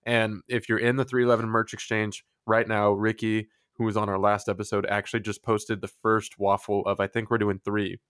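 A man from Missouri hosting a casual podcast, upbeat and chatty and quick to laugh. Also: on the low side, flat delivery, a bit bright, clear, resonant tone, no room sound, studio quality. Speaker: podcast host.

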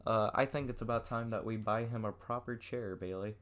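Young male co-host, slightly hoarse, rambling friendly chatter. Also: lowish voice, fairly even intonation, brisk. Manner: chatty, rambling, laughs easily. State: slightly hoarse from losing his voice. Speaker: podcast co-host. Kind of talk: casual chat. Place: small bedroom full of clothes.

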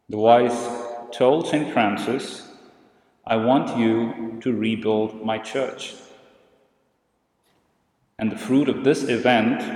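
A man's voice: medium pitch, darkish tone, echoey room, big-room sound, poor audio. A man preaching a sermon as a priest, telling stories and posing questions to the congregation in a church.

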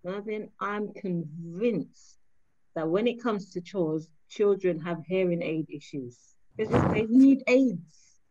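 A woman's voice: mid-range voice, takes it slowly, highs cut off. A woman guest on a parenting panel, chatting casually and acting out scenes with her children. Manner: animated, acts out her kids and herself. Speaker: guest, author and mother.

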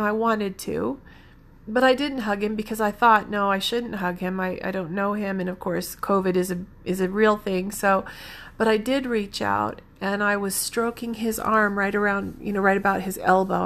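A woman recounts a personal story, rambling and heartfelt, circling back to correct herself. Her voice has a gravelly, fry-laden edge at a middling pitch. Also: fairly bright tone.

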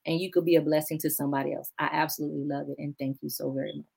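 A woman's voice: rapid-fire, vocal fry, breathy edge. A woman hosting a live-streamed interview, encouraging her guest and reading viewer comments aloud, laughing often. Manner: laughs often, jumps high when excited. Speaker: host.

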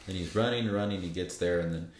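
A man's voice: deep voice, fast talker, roomy sound. A man in casual chat, rambling as he retells film scenes. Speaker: co-host discussing a film.

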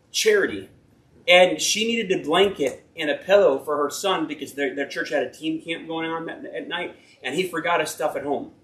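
High-voiced preacher in an echoey room. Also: male voice, fairly bright tone, a little hiss or hum. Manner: folksy, earnest, rambling with self-corrections. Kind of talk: informal sermon with Bible reading and personal stories. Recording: roomy echo.

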